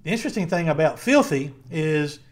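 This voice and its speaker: A man's voice: on the high side, very animated, brisk. A middle-aged man with a Southern Virginia accent, co-hosting a casual podcast chat in a rambling, friendly way with many fillers. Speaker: podcast co-host.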